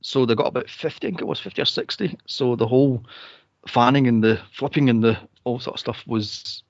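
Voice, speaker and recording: A man hosting a movie podcast in casual chat, animated and laughing often as he acts out quotes. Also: mid-range voice, fairly quick, dry recording, dull audio. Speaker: podcast host.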